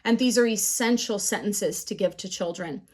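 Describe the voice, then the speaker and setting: A woman leads a class on building resilience, with a voice of ordinary middle pitch. She mixes plain teaching with candid personal stories and acts out the quotes in an animated way. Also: moderate pace, slightly rough. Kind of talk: storytelling lecture.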